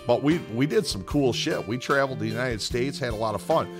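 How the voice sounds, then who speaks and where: Over music, a mid-range, fairly quick voice belongs to a podcast co-host from the US Northwest. His casual, heavily profane storytelling comes alive as he impersonates the people he quotes.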